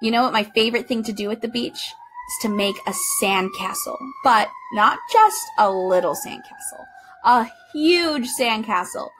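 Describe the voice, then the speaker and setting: A woman hosting a children's storytime, reading a picture book aloud in a bubbly, expressive way and talking directly to the kids. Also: mid-range voice, a little hiss or hum.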